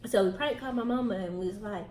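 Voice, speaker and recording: A young Southern woman talks chattily to her viewers between bites, slightly out of breath. Her voice sits at a middle pitch and sounds roomy, with a faint hiss behind it. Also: quick pace, a little mellow. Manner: chatty, addresses viewers directly. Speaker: vlogger host. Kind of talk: casual chat while eating.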